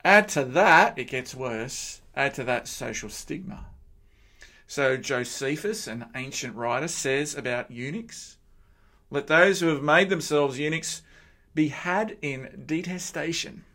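A middle-aged man preaching a sermon, with lively joking asides to the congregation. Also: on the high side, takes it slowly.

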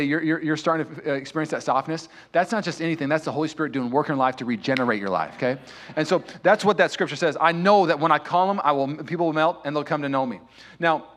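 Young male pastor, sermon delivery, a touch higher-pitched, passionate swells and emphatic peaks. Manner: impassioned preaching with loud, rising peaks. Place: church sanctuary.

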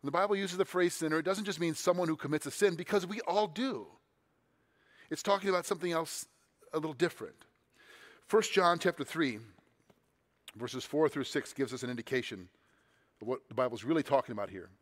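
A pastor preaching a sermon in an easy, conversational way, dropping quiet and then pressing points with emphasis. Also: male voice, on the high side, brisk, pauses often.

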